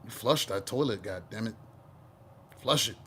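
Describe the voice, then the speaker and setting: A man giving a casual tarot reading, animated and profane, teasing the listener and slipping into playful voices. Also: lowish voice, moderate pace, a little hiss or hum. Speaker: tarot reader.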